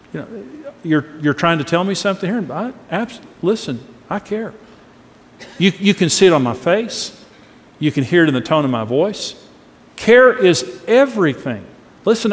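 A middle-aged man preaching a sermon on marriage, earnest and emphatic, acting out different tones of voice as examples. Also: high voice. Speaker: pastor teaching on marriage. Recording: long reverb of a large hall.

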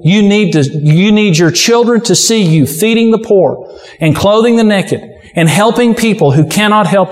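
Pastor, man, forceful repeated exhortations, higher voice, echoey hall. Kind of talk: sermon.

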